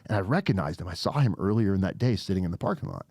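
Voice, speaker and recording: A man with a somewhat low voice recounts a personal story in casual, profane podcast talk. He is animated and jumps into the voices of the people in his story, and the sound is dry and close to the mic. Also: racing, gravelly, slightly rough, dry recording. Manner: animated, swears a lot, acts out quoted voices. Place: podcast studio.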